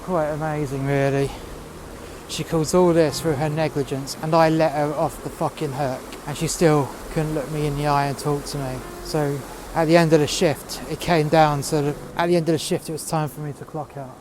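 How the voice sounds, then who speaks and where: A man's voice: fairly high pitch, little pitch movement, moderate pace, background noise. A man telling a fictional workplace story as an aggrieved, profane rant, recorded outdoors in the cold.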